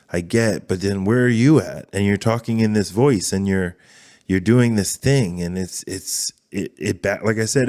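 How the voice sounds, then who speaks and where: A man's voice: low voice, a little mellow. A man hosting a podcast, talking in a rambling, candid, profanity-filled casual monologue. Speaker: podcast host.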